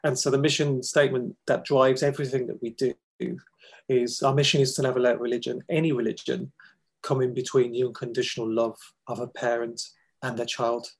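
Husky gravelly man, halting. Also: medium pitch, level tone, poor audio. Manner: emotional, halting, earnest. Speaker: guest, foundation founder. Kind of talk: personal testimony in an interview.

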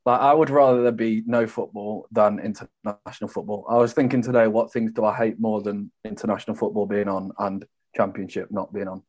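A man's voice: fairly low pitch, fairly even intonation, fairly quick, few pauses, darkish tone. A young man co-hosting a casual podcast, chatting about football in an easygoing way. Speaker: podcast co-host. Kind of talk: casual chat.

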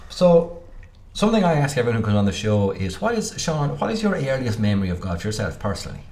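An Irish man hosting a podcast interview, chatting casually with fillers and quick laughs, a little out of breath, recorded in a room at a golf resort. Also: medium pitch, big pitch swings, darkish tone. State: slightly out of breath. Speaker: podcast host. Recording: roomy echo.

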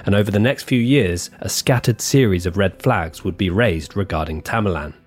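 A man's voice: sits low, normal speed. A man co-hosting a true-crime podcast, reading his script with offhand asides and banter. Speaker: podcast co-host.

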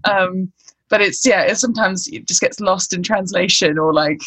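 A woman's voice: medium pitch, moderate pace, fairly bright tone. A young woman in casual conversation, asking curious questions, laughing easily and using "like" often. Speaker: interviewer.

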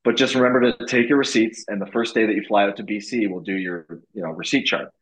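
A young man from Canada telling casual stories as a podcast guest, animated and swearing freely, acting out what people said. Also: fairly low pitch, fast, poor audio. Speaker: podcast guest, former reality show lead. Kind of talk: casual storytelling.

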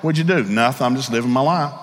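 A man's voice: medium pitch, quick pace, big-room sound, a little hiss or hum. A middle-aged man with a Southern American accent, preaching a storytelling sermon in a folksy, candid way and acting out the voices in his stories. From Southern United States.

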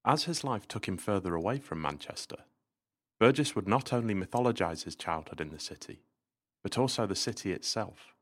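A man hosting and narrating a podcast episode in a measured, informative scripted style. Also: fairly low pitch, expressive.

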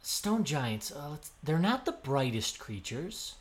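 A man voicing a boastful, cowardly but cunning male trickster in a storybook tale, bragging loudly and hesitating with filler sounds. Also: on the high side, very animated, slow pace. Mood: nervous scheming.

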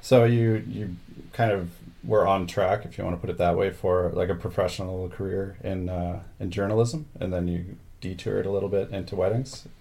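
Male podcast host, deep gravelly voice, loose rambling question style. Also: steady tone, normal speed, mellow. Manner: rambling questions full of likes. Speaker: podcast host interviewing photographers. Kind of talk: casual interview.

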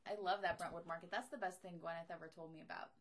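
A woman's voice: on the low side, steady tone, rapid-fire. A young adult woman, a comedian co-hosting a podcast, talking in an emphatic, opinionated way during a casual chat.

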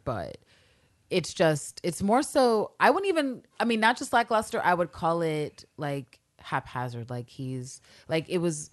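Woman, low voice, casual tv recap chat, animated, swears a lot. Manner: animated, swearing, acts out characters' lines. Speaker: podcast co-host.

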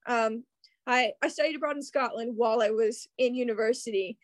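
A young American woman from Kansas City, a secondary English teacher, tells her story as a podcast guest in chatty conversation packed with fillers like "like" and "um." Her voice is a little high and a little fast, with no room sound.

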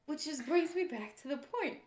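A sassy woman telling a story on a podcast, animated and quick to laugh. Her voice sits a little high. The room echoes around her. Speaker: podcast co-host. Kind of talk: casual storytelling chat.

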